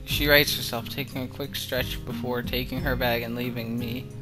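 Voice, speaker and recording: A man's voice: mid-range voice, little pitch movement, moderate pace, loud music behind the voice. A man hosting a let's play, reading a visual novel aloud and breaking off into rambling asides.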